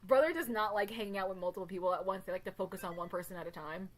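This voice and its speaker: A young woman chatting on a casual podcast, spinning long tangents full of swearing and laughter. Her voice sits in an ordinary middle register, relaxed and conversational. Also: mid-range voice, rapid-fire, a little hiss or hum, rough recording. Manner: rambling storyteller, swears freely, laughs a lot. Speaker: podcast host. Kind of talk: casual chat.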